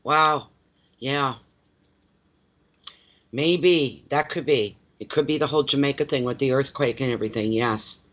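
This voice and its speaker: Chatty, expressive man livestreaming. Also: medium pitch, unhurried, pauses often, highs cut off. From Atlantic Canada. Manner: expressive, chatty, laughs often, greets viewers by name. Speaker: intuitive card reader. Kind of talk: casual livestream chat.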